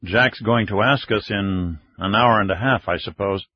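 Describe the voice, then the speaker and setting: A man reading the lines of a calm, laconic male intelligence director in an audiobook. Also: lowish voice, moderate pace, highs cut off, a little hiss or hum, natural voice. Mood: musing.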